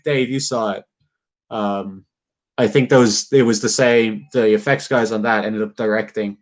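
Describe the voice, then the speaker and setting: A man chatting casually with live viewers while he carves, rambling, swearing freely, and laughing often. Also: mid-range voice. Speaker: livestreamer.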